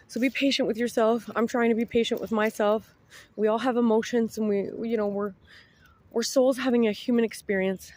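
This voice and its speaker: A woman's voice: mid-range voice, warm tone. A woman in her thirties with children, tearfully giving a heartfelt spiritual message outdoors in the sun, rambling and repeating herself. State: tearful, close to crying. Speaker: spiritual vlogger. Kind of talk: emotional spiritual message to camera.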